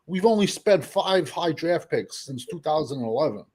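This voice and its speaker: A slightly husky male voice pitched a bit high. He quizzes his co-hosts on a casual sports show and pushes his argument with figures. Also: lively intonation, normal speed, a little mellow. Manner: quizzing, pressing with numbers.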